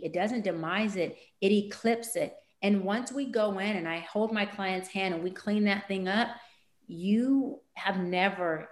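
A woman speaking as a life coach guest in a podcast interview, animated, acting out conversations with her clients in big leaps of voice. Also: medium pitch, roomy sound.

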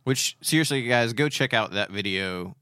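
A man co-hosting a talk podcast, easygoing and quick to laugh along. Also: medium pitch, expressive, sharp tone, clean tone, dry recording, clean studio sound. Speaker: podcast co-host. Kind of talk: casual chat.

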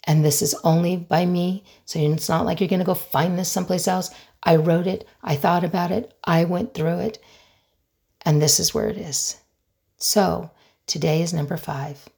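Gravelly, husky woman podcast host. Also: on the low side, fairly even intonation, warm tone. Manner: earnest and emphatic, with dramatic pauses and listed phrases. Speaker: podcast host and conflict resolution expert. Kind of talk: solo podcast talk.

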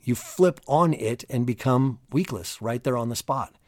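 A man hosting a solo motivational podcast, talking in an energetic, emphatic, casual coaching tone. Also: medium pitch, a little slow, no echo, studio quality. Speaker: podcast host.

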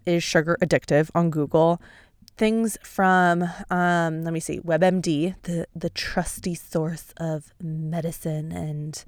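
A woman's voice: on the low side, no echo, studio quality. A young adult woman hosting a casual solo podcast, chatty and sarcastic. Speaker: podcast host.

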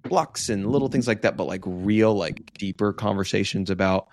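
A man's voice: on the low side, moderate pace, darkish tone. A man in his thirties co-hosting a podcast, talking in an upbeat, joking way with lots of fillers. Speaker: podcast co-host. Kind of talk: casual chat.

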